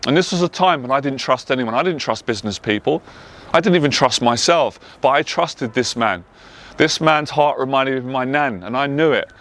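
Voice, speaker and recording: London guy, motivational speaker, earnest and emotional, pitch sits in the middle. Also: expressive, a little fast, a bit bright. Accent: London English. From England. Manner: earnest, emotional, repetitive emphatic phrasing. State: tearful at times. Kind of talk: personal testimony monologue.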